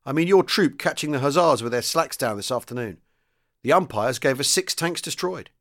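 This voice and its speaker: Gruff sergeant major, brisk and clipped, pitched up and louder, as a male narrator puts him on. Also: lively intonation.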